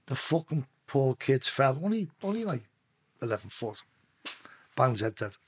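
A Scouse man from Liverpool, England, is a podcast guest telling blunt stories packed with swearing, often restarting his sentences midway. His mid-range voice is husky and sing-song at a moderate pace, and the recording is dry.

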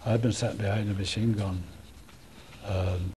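A Northern Irish man in his eighties, a war veteran recalling events in a halting oral history interview with restarts and soft chuckles. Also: lowish voice, steady tone, background noise. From Northern Ireland. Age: 80s.

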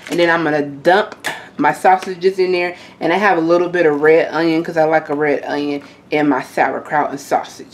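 A woman hosting a home cooking video, chatty and encouraging as she talks viewers through each step in her kitchen. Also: lowish voice. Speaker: cooking channel host. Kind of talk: casual cooking demonstration. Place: home kitchen, food frying in pan.

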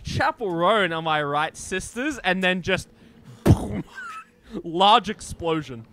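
A young man streaming a game, joking, swearing and shouting excitedly as he plays. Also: high voice, takes it slowly, slight background noise. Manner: loud, excitable, swears a lot, jokey. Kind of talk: gaming commentary.

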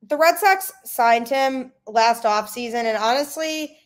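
A woman's voice: a little high, a little slow. Opinionated woman sports podcast host. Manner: opinionated, sarcastic asides. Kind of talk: casual sports commentary.

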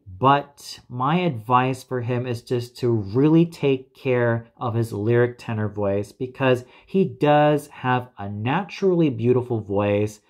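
Male opera critic, mid pitch, deliberate and opinionated delivery, reads a prepared review. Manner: measured, opinionated, lists names carefully. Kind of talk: scripted spoken review.

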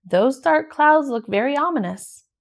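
A woman's voice: sits high, animated, measured pace, gravelly, voice pushed up, heavily acted. A woman reading as a cheerful, watchful princess.

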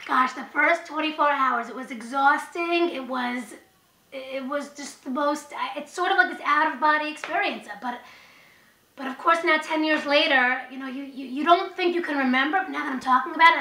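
A woman in her thirties telling her own story in an animated, rambling way, often restarting her sentences. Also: sits high. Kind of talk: personal storytelling to camera. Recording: echoey room.

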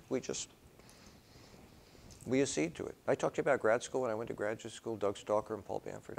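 An older male professor lecturing his class in a somewhat low voice. He talks casually, drifting into anecdotes and playing out both sides of remembered conversations. The delivery feels like a live classroom. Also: darkish tone. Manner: conversational, rambling into personal stories; acts out dialogue in quoted voices. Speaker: philosophy professor.

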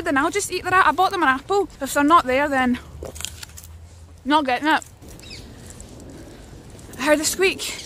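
Excitable Scottish woman streaming outdoors. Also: sits high, a little fast, long pauses. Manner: chatty and excitable, talking to birds and chat. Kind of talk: casual outdoor stream chat. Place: outdoors in a city park. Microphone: handheld phone. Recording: outdoor phone stream with noise.

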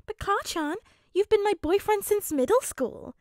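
A woman voicing a bubbly, excited teenage girl who gushes and teases, in a fanfic audiobook reading. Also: very high-pitched, normal speed, no room sound, clean studio sound, pitched above the performer's own voice. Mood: gushing. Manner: gushing, squealing, teasing.

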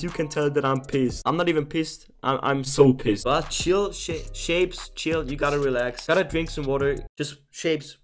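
A young man streaming his gaming, talking casually to his viewers and turning from exasperated to amused and excited. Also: medium pitch. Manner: excitable, exasperated, laughs a lot, talks to viewers. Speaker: gambling streamer.

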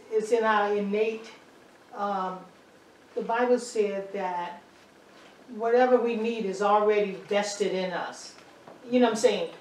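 A woman's voice: mid-range voice, darkish tone, slight background noise. A woman speaking emphatically and affirmingly at a church Bible study. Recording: echoey room from far off.

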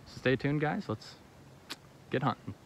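Lively man talking outdoors. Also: mid-range voice, measured pace. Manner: relaxed, chatty, with fillers. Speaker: hunting channel host. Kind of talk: casual outdoor vlog talk. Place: outdoors in a field by water. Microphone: handheld camera mic. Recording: outdoor recording, clear background noise.

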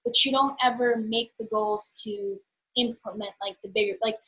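Teen girl, slightly high voice, hesitant casual chat, lots of fillers. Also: steady tone, normal speed, pushed and bright, rough recording. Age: teens. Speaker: guest's daughter.

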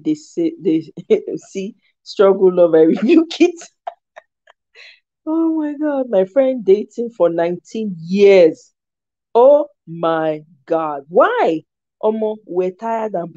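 A woman host with a Nigerian accent, chatting casually as she reacts to viewer comments, animated and laughing often, slipping into Pidgin. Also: fairly low pitch, no echo, highs cut off.

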